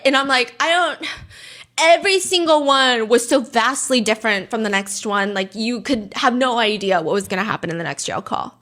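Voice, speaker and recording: Woman host telling a crime story, kinda high voice, super expressive and dramatic. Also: normal speed. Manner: expressive, dramatic, acts out quotes. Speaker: podcast host. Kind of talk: casual true-crime storytelling.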